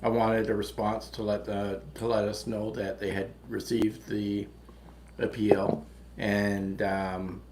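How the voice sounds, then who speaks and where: A man co-hosting a casual chat, speaking haltingly with many pauses and restarts. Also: lowish voice, flat delivery. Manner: halting, full of ums and restarts. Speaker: co-host. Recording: echoey room with faint background noise.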